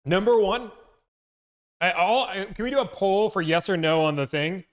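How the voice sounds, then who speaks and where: A man with a high voice hosts a casual livestream at normal speed. He goes through a list and throws in playful movie-quote impressions, and his loud mic is peaking.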